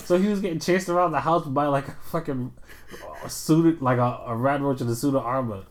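A man's voice: mid-range voice, a little fast. Young man swearing through gaming stories. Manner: profane, animated storyteller. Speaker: podcast co-host. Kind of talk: casual gaming chat.

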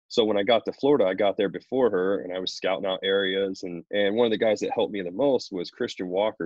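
A man, a pro baseball pitcher, chatting casually in an interview and telling stories loosely with lots of fillers. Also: dry recording, dull audio. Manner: relaxed, rambling storyteller with many fillers.

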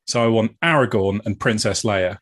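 A man in casual podcast chat, halting and repeating words as he pitches ideas. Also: a bit bright. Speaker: podcast co-host.

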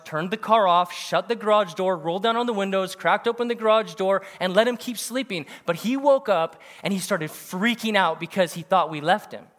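A man in his thirties preaching a sermon, animated and punchy, with bursts of laughter. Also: high voice. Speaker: pastor. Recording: long hall reverb.

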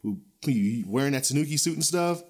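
Fast-talking and mid-range in voice, this man hosts a podcast full of casual, profane rants. He's blunt and animated, laughing often, and his talk wanders loosely with many restarts and fillers.

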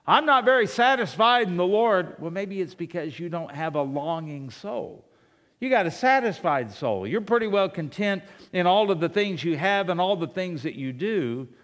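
A man preaching from the pulpit, his voice sitting a little higher than most men's. He fires off strings of rhetorical questions and swings between hushed asides and loud, pressing emphasis. A long reverb trails after his words, as in a big hall. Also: expressive, normal speed. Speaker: pastor. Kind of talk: sermon.

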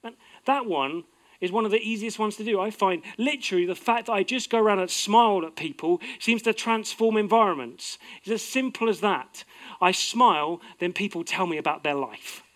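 A middle-aged man preaching a sermon, earnest, swinging from emphatic outbursts to soft, low-voiced reflection. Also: moderate pace. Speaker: pastor.

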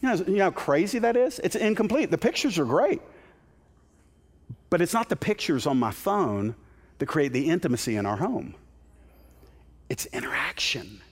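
With big swings in his fairly high voice, a man preaches as a guest in a church sanctuary at a moderate pace, passionately pushing toward emphatic peaks and frequently restarting. The recording carries the sanctuary's long hall reverb.

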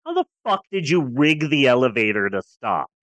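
A podcast co-host in casual movie-review chat who is sarcastic and profane, swinging from loud outbursts to low grumbles. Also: big pitch swings, normal speed, no echo.

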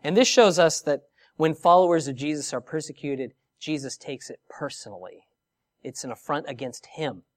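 A man preaching a sermon, expressive and emphatic, reading scripture and asking rhetorical questions. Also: a little high, normal speed. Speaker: pastor.

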